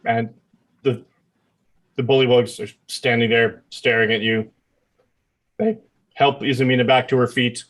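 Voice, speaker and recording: A man narrating as dungeon master in a tabletop game, with halting, filler-heavy delivery. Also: medium pitch, a bit bright.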